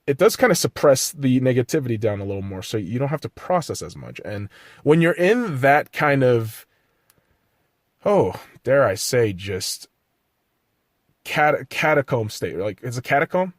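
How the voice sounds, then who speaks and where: A man's voice: mid-range voice, very animated, normal speed, no room sound, clean studio sound. A man hosting a solo podcast, ranting profanely and criticizing himself between blunt pep-talk asides. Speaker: podcast host.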